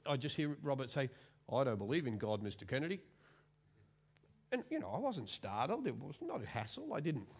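A man's voice: medium pitch, slightly rough. A man in his forties, preaching a sermon in a chatty, self-mocking storytelling way.

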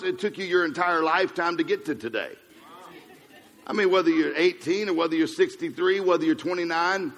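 A man's voice: fairly high pitch, fairly bright tone. A man preaching a humorous motivational sermon, a joking storyteller who hammers home punchy repeated phrases. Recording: long hall reverb.

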